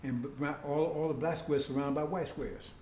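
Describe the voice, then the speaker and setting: A man's voice: a little high, steady tone, normal speed, warm tone, reverberant, a little hiss or hum. A man preaching a casual, conversational sermon, often breaking in with "see?" and "right?".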